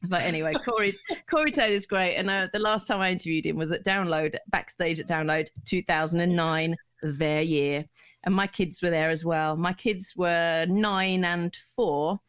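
A woman's voice: fairly low pitch, normal speed, fairly bright tone, clear, resonant tone. A middle-aged woman, a radio DJ telling stories in a casual, rambling chat full of restarts and laughter. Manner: rambling and chatty, many restarts, laughs easily. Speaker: radio DJ, guest.

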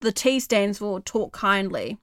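A woman's voice: mid-range voice, expressive, a little slow. A young woman with a New Zealand accent, talking earnestly in a casual conversation. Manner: earnest, softens her voice when voicing kind self-talk. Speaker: guest.

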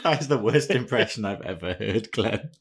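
A man's voice: fairly low pitch, expressive, normal speed, breathy edge. A man co-hosting a podcast and interviewing a guest, playful and bubbly. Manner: playful, bubbly, laughs often. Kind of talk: casual podcast chat.

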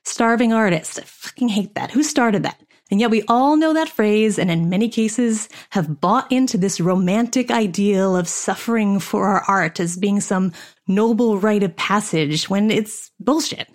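Woman actor-coach, frank and profane, mid pitch, motivational talk. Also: a little slow. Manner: candid, profane and wry.

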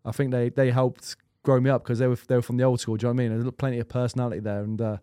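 A quick-talking man in his thirties tells rambling, swear-laced stories on a podcast. His voice sits at a middling pitch. The sound is close and dry, with no room echo. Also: level tone, warm tone, clean tone. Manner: chatty, rambling anecdotes with frequent restarts and swearing. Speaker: guest goalkeeper. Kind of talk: casual storytelling chat.

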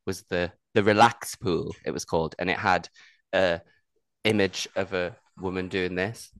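A man's voice: sits low, fairly even intonation, a little slow, a bit bright, dry recording. A man co-hosting a podcast, telling stories in casual chat and laughing often. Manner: chatty storytelling, laughs often. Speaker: podcast co-host.

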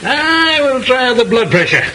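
A jovial old-film doctor. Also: male voice, very high voice, very animated, unhurried, pushed and bright, full character voice, rough recording. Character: jovial male insurance doctor giving a checkup. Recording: old film soundtrack with faint hiss.

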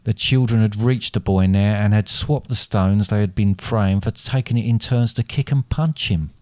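Guy with a lowish voice reading out a grim fairy tale, slow and steady, dry close sound. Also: no room sound. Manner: steady, deliberate storybook narration. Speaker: storyteller and co-host. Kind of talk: reading his own dark fairy tale aloud.

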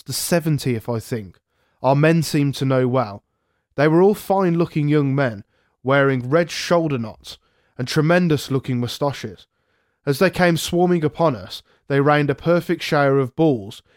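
A man narrating a historical memoir aloud, in a measured first-person storytelling manner. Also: mid-range voice, no echo, studio quality. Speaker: podcast narrator.

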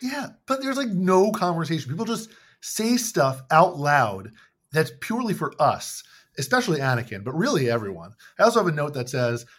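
A man's voice: fairly high pitch, big pitch swings, moderate pace, fairly bright tone, breathy edge. A man co-hosting a podcast, recapping a movie in casual chat, rambling with lots of fillers and acting out quotes in silly voices. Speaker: podcast co-host.

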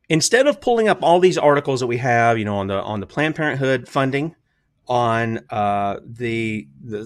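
A man hosting a casual political commentary show, talking emphatically and firing off rhetorical questions. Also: mid-range voice.

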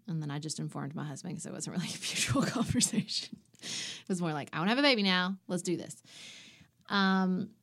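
Podcast cohost, woman, lowish voice, animated personal storytelling. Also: gravelly. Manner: animated, acts out quoted voices. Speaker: podcast co-host.

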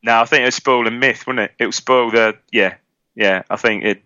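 A man's voice: medium pitch, fairly even intonation, brisk, sharp tone, no room sound, lo-fi sound. A man from England co-hosting a casual football podcast, eagerly chiming in and prompting his co-host. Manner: eager interjector, keeps prompting the other host.

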